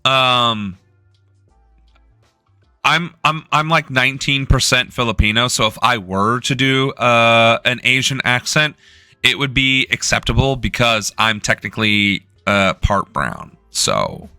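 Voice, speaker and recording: A man's voice: medium pitch, animated, measured pace, sharp tone, clear, resonant tone, no echo, studio quality, soft background music. A young man from the United States hosting a political live stream, ranting in a profane, sarcastic way.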